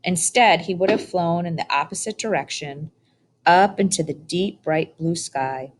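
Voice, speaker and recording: A woman narrating a children's storybook in a calm, measured reading. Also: on the low side. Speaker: audiobook reader.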